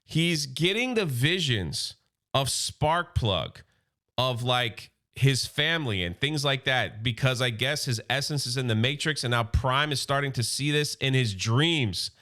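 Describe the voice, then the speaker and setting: A man's voice: medium pitch, expressive, unhurried, sharp tone. A man recapping a comic in a casual, enthusiastic and chatty way. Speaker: comic book reviewer.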